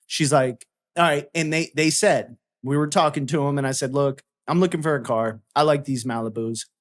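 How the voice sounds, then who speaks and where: A man's voice: medium pitch, normal speed. A man telling a story in casual chat, swearing freely and acting out both sides of a heated argument.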